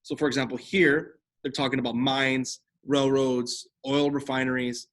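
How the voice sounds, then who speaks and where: A young male teacher talks his class through a slide lecture in a relaxed, chatty way. His voice sits at an everyday middle pitch, and he fills his sentences with loose asides and fillers while addressing the students directly. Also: normal speed. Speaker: history teacher.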